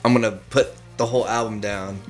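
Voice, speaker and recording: A man's voice: on the low side, fairly even intonation, brisk, soft background music. Swearing, rambling man telling stories. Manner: rambling storyteller, swears freely. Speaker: podcast co-host. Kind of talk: casual chat.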